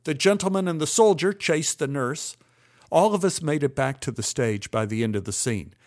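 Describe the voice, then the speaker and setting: A man's voice: on the high side, normal speed, a little mellow. An older man telling a personal story in a wry, dryly humorous way. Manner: wry, dry humor with acted-out quotes.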